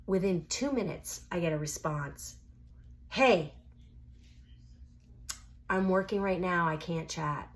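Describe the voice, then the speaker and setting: A woman's voice: lowish voice, slow pace, long pauses. Wry woman telling a dating story. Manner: wry, sarcastic, quotes people in lively asides. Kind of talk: casual storytelling.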